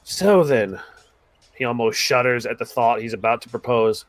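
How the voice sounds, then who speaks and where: A man's voice: medium pitch, moderate pace, dry recording. A man narrating a tabletop game as game master, describing scenes in a casual, rambling way.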